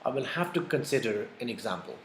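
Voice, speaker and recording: A man giving a lively exam-prep lecture, repeating his key points and calling his listeners folks. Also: medium pitch, fast talker, slight background noise. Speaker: IELTS teacher. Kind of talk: classroom-style lecture. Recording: echoey room with faint ambience.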